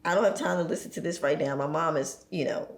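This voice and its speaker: A woman's voice: low voice, fast. A woman speaking reflectively as a podcast guest, thoughtful and full of "you know" fillers. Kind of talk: reflective conversational talk. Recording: echoey room, faint noise.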